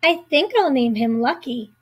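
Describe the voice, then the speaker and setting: A woman voicing a proud, excitable little girl in a storybook, chirpy and eager. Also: high-pitched, normal speed, slightly rough.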